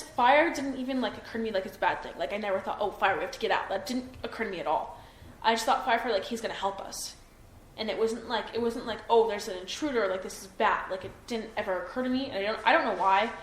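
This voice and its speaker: A young adult woman giving a halting account to an interviewer, full of "like" and restarts. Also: a little high. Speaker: witness being interviewed. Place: indoors at her home. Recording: echoey room with faint ambient noise.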